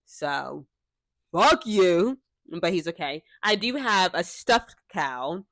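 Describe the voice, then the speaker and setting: A woman's voice: lowish voice, animated, slow pace, gravelly, a bit bright, no echo. Chatty young woman, dry close sound. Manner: chatty, self-deprecating, swears casually. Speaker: podcast host. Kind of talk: casual chat. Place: bedroom at home. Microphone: cheap clip-on microphone.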